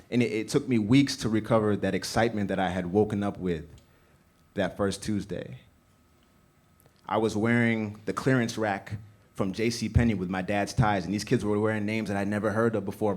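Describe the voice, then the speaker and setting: Brief: young male storyteller, lowish voice, earnest and rhythmic, live theater mic. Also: a little mellow. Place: small theater stage.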